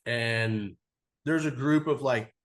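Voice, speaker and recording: A man's voice: medium pitch, slow pace. A man in his forties, a podcast guest, telling a travel story in a loose, rambling way full of "like" and casual swearing. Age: 40s. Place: cigar podcast studio.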